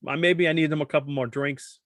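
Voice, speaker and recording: A man's voice: fairly high pitch, steady tone, brisk, a bit bright, no echo, clean studio sound. A man hosting a casual podcast chat, joking around and tripping over his words. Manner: stumbles over words, jokey. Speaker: podcast host.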